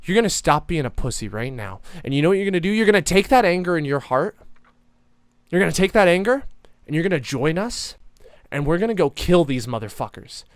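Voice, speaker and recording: A man's voice: fairly high pitch, very animated, brisk, clean tone, no echo, clean studio sound. A man voicing a blunt, foul-mouthed woman warrior who gives hard commands. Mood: fierce pep talk.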